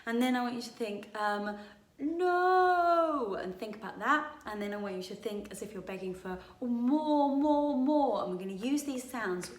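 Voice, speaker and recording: A woman teaching a singing lesson, coaching gently and breaking into sung demonstrations. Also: mid-range voice, fairly even intonation, fast, hardly any pauses. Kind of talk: vocal warm-up lesson. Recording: roomy sound with piano.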